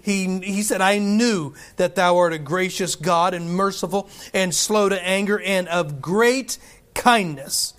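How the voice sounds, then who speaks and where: A man preaching a sermon, reading scripture slowly and stressing his points with emphasis. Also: sits high, fairly bright tone. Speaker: pastor.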